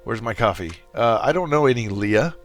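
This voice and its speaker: A man's voice: medium pitch, lively intonation, normal speed, fairly bright tone, soft background music, lightly acted. A man reading the lines of a confused, impatient male commander just woken from long sleep, in a demanding, questioning way. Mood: puzzled. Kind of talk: reading game dialogue aloud.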